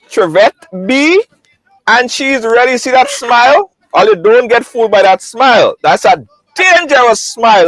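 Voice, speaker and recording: A man hosting a live online talk show, lively and repetitive, greeting viewers by name. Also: very high voice, no room sound, rough recording. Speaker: host.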